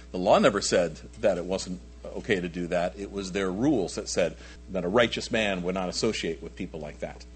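A man preaching a conversational Bible lesson, animated, asking his listeners rhetorical questions. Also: on the low side. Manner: animated, asks rhetorical questions, frequent restarts. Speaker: pastor teaching a Bible study. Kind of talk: conversational sermon.

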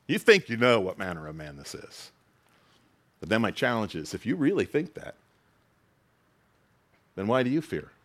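A man preaching a sermon in a conversational, expressive way, rising high for quoted lines and dropping low for emphasis. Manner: conversational, with asides and laughs. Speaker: pastor.

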